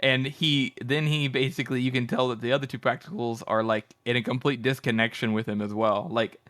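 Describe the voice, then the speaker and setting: A man's voice: mid-range voice, steady tone, fairly bright tone, no echo. A man co-hosting a casual book chat podcast, laughing through his words and swearing freely. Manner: giggly, profane, halting with fillers. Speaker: podcast co-host.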